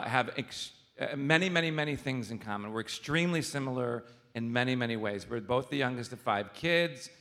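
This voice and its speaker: A man's voice: mid-range voice, pushed and bright. A man in his forties guesting on a live show, cracking playful jokes between questions. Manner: quick, playful jokes and interjections. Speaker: guest interviewer. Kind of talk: live comedic chat. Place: live stage before an audience. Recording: long hall reverb, faint ambience.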